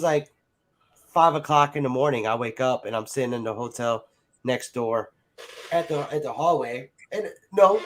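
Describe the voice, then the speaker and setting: There's a slight hiss or hum behind this mid-range male voice. Chatting casually, he meanders through a story from his own life, swearing freely, filling gaps with "like" and "you know," and performing others' lines.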